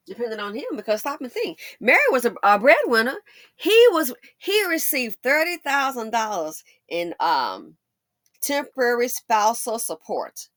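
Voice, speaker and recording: Sassy, lively woman giving commentary. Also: a little high, no echo, clean studio sound. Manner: sassy, emphatic, mocking asides. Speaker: commentary channel host. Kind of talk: opinionated celebrity commentary.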